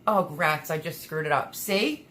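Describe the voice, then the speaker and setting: A low-pitched woman hosts a relaxed livestream, chatting with viewers and reading their comments out loud. She talks casually and drops in plenty of ums. Faint noise sits behind her voice. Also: unhurried. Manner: chatty, reads viewer comments aloud, many fillers. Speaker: livestream host reading chat.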